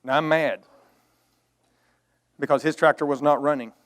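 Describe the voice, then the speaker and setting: A man's voice: on the high side, fairly even intonation, normal speed. A middle-aged man preaching a storytelling sermon, earnest and emotional, swelling to emphatic outbursts.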